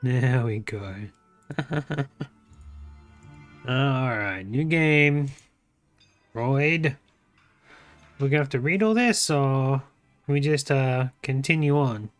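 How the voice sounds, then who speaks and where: An Australian man playing a game for his channel, reading its text aloud in his own voice, his pitch swinging up and down. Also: slow, pauses often, clear, resonant tone. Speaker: gaming YouTuber. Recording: faint game music behind the voice. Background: faint game music.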